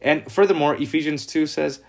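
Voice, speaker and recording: A Lutheran man giving an informal doctrinal lesson, animated, with frequent restarts and laughing asides. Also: on the high side, normal speed, vocal fry. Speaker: Lutheran teacher.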